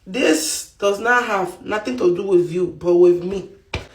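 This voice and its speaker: Animated African woman in an echoey room. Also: mid-range voice, unhurried, a little hiss or hum. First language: an African language. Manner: animated, self-mocking. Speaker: healthcare worker. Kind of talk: comic storytelling to camera.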